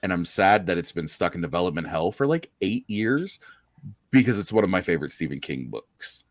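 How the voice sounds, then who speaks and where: A man with a lively, animated voice reads trivia questions and jokes about films in between. His sound is close and dry, with no room echo. He talks in a relaxed, bantering way. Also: sits low, brisk. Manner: joking, does movie quotes. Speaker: trivia co-host. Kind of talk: quiz banter.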